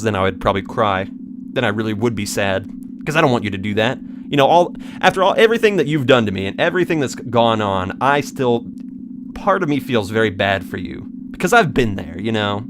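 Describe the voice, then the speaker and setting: A man's voice: on the low side, lively intonation, fairly quick, fairly bright tone, slight background noise. A man doing let's play commentary, rambling in a theatrical, mock-dramatic way.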